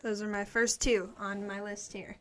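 A woman's voice: mid-range voice, level tone, moderate pace, fairly bright tone. A young woman chatting casually from a studio cubicle, rambling and upbeat as she reads viewer comments, a little out of breath. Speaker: live stream show host.

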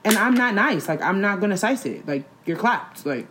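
A young woman in casual chat, blunt and animated, talking in slang with many "like"s. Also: mid-range voice, moderate pace, background noise.

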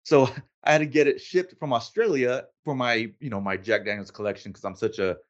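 Male host, relaxed casual chat, middle pitch, slightly dull lo-fi recording. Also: brisk. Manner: relaxed, self-deprecating, laughs easily. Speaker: podcast host.

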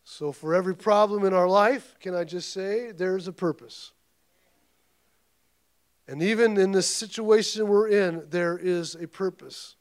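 A man preaching a sermon, passionate and emphatic, with conversational asides and restarts between loud peaks. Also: high-pitched, unhurried. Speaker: pastor.

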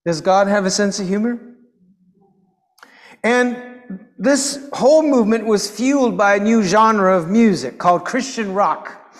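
A man preaching a sermon as pastor, telling a story with animated, emphatic bursts. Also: high voice, a little slow, pauses often, big-room sound.

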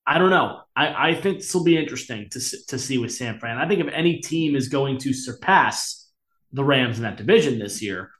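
A man co-hosting a casual sports podcast, rambling and teasing his partner with deadpan insults and frequent laughs. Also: medium pitch, fairly quick. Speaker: podcast co-host. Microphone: camera-facing podcast mic.

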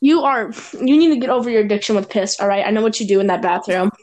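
A woman's voice: medium pitch, fast talker, a little mellow. A woman co-hosting a casual podcast chat, teasing her friend, ranting and swearing a lot, with mock impressions of other people. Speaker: podcast co-host.

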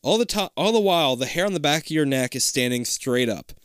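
A man's voice: a little high, lively intonation, a little fast, a bit bright, smooth, no room sound, studio quality. A man reading a choose-your-path book aloud to a friend, breaking off to joke, swear and laugh.

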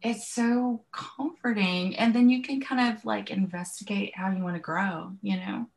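A woman's voice: mid-range voice, steady tone, moderate pace, vocal fry. A woman in her late fifties with a Southern US accent, a podcast guest speaking candidly in a casual interview. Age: 50s.

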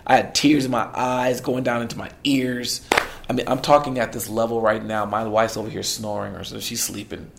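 Gravelly-voiced man telling a story. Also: medium pitch, fairly quick, very noisy. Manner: animated storyteller, acts out quoted voices with laughs. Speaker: worship leader. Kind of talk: storytelling in a podcast conversation.

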